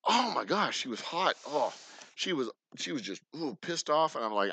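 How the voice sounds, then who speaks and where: A man's voice: mid-range voice, big pitch swings, moderate pace, a bit bright, husky, dry recording. A man in his forties, a distillery owner, telling personal stories in a rambling, profane, joking way. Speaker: distillery owner and channel host. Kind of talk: casual storytelling. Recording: noisy background with clicks.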